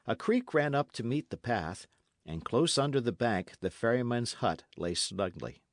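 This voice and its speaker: Male narrator, audiobook of a classic novel, measured expressive reading, dry recording. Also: mid-range voice, dry recording.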